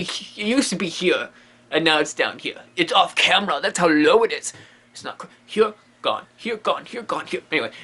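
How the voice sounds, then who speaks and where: A woman hosting a comedic web show as a quirky medium, rambling and contradicting herself with sudden swings in pitch. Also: fairly bright tone. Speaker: comedic medium character host. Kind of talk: deadpan comedic monologue.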